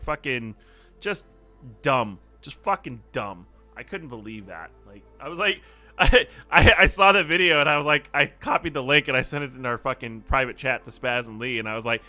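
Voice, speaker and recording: Streamer host, male, sharp bright tone, worked-up profane rant, faint background music. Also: on the high side. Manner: heated, profane, ranting with swings in loudness. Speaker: livestream host. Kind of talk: casual livestream rant. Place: his apartment.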